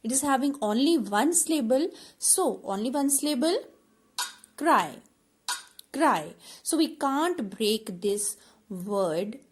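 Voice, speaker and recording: A woman teacher, slowly explaining a classroom activity with many fillers and repeated words. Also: high voice, animated, a little mellow.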